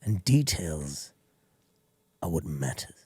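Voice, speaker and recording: Man doing a hushed English film villain. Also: rumbling low, very animated, breathy edge, no echo, voice pushed down, exaggerated voice. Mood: menacing. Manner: slow, hushed, menacing. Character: suave menacing English villain, male.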